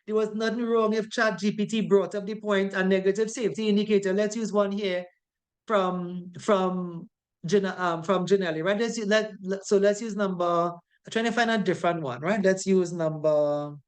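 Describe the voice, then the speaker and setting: A woman lectures a class on safety in a relaxed, conversational way. Her voice sits at a middle pitch, and she leans on rhetorical questions and repeated "right?" checks with her students. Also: moderate pace. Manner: chatty, rhetorical questions, frequent "right?" tags. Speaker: safety course instructor.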